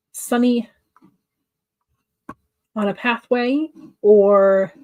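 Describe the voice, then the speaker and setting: A woman's voice: medium pitch, darkish tone. A woman hosting a writing-sprint livestream, chatting casually and answering viewer comments with many fillers and restarts.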